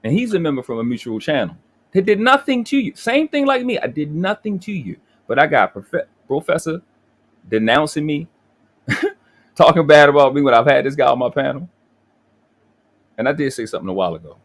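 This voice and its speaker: A man's voice: on the high side, big pitch swings, a little fast. A man hosting a live stream, ranting angrily with profanity and frequent restarts. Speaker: livestream host. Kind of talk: heated livestream talk.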